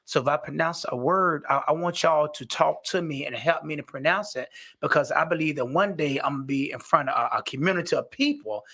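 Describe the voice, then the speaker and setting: A man's voice: a little high, vocal fry, a bit bright. A man talking earnestly and animatedly about recovery as a peer worker and sponsor, often saying "you know". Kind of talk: casual conversation.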